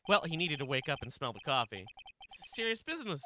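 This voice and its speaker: A woman's voice: deep voice, sing-song, fast, sharp tone, a little hiss or hum, heavily acted. A woman voicing a bossy young female assistant who scolds matter-of-factly. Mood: scolding.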